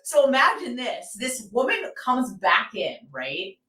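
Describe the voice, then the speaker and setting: A woman co-hosting a podcast, telling an animated story in casual chat with lots of fillers. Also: on the high side, measured pace. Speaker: co-host. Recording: roomy, distant mic.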